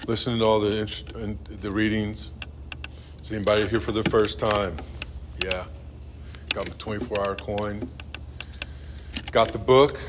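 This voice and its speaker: A man in his fifties telling his own recovery story in a halting, blunt, profane way, heard on a noisy recording. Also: on the low side. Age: 50s. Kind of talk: personal testimony at a meeting.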